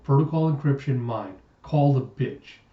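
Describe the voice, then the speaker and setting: A sinister old doctor, calm and cruel, savoring every slow word, as a man reads him aloud from a comic. His sentences sink low and soft at the ends, heard from a distance in a roomy space with a dull, lo-fi tone. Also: close to an everyday voice. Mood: menacing. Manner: slow, drawn-out menace, name-endings dropped low and soft.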